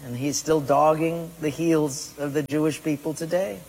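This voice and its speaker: A man's voice: fairly high pitch, steady tone, moderate pace, darkish tone, slight background noise. A male pastor preaching a sermon to a congregation and asking them direct questions. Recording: long hall reverb.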